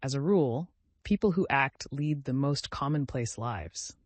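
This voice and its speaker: Man voicing a cold, bored young gentleman. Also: medium pitch, lively intonation, unhurried, no room sound. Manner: languid, dismissive.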